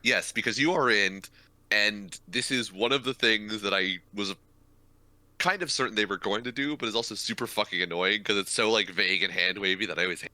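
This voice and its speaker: A man's voice: fairly low pitch, fairly quick, bright, forceful tone, dry recording. A man co-hosting a casual anime podcast, swearing freely and retelling scenes with energy. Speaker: podcast co-host. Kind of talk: casual chat about anime.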